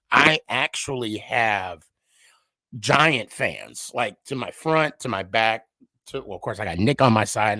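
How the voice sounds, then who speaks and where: A man's voice: fairly low pitch, a bit bright, no room sound. A man hosting a podcast, telling a casual, rambling and profane story as a frustrated sports fan who pokes fun at himself. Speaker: podcast host.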